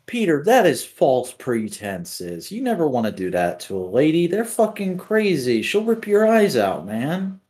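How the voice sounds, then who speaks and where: A man co-hosting a casual chat from home, reacting excitably and swearing a lot. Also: fairly high pitch, a little slow, few pauses. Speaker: podcast co-host. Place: home late at night.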